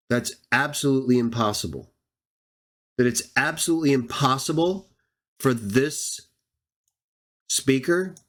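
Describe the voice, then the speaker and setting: A man delivering argumentative scripture commentary at a slow, deliberate pace. He speaks straight at his opponents with a sarcastic, combative edge. He draws out the verses he reads aloud for emphasis. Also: mid-range voice. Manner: drawn-out emphatic reading of verses. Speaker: Bible teacher and channel host.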